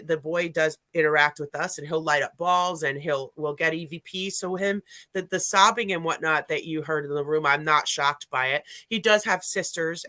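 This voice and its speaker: A paranormal investigator chatting casually on a live stream, telling a rambling story full of restarts and self-corrections, and growing animated when retelling dialogue. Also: mid-range voice, no room sound.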